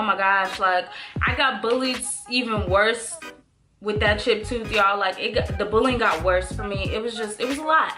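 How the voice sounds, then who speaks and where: High-voiced young woman telling a story. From Bay Area, California. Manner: animated, many "like" fillers, addresses viewers as "y'all". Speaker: vlogger. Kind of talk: casual storytelling. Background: music.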